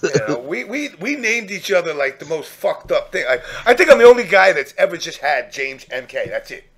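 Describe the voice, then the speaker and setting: A man telling a profane, animated story in casual chat, acting out the people he quotes. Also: a little high, a little fast, a crowd in the background.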